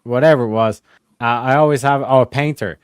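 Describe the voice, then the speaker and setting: A young man casually reading old case transcripts aloud to friends, halting with fillers and swearing. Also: medium pitch, smooth, dry recording, clean studio sound. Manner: profane, halting, reads with fillers. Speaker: host reading case files.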